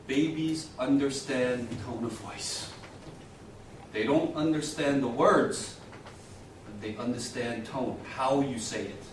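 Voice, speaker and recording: A man's voice: medium pitch, takes it slowly, distant mic, a little hiss or hum. Man lecturing a class in an echoey room. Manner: lively, asks the class questions often. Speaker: communication skills instructor.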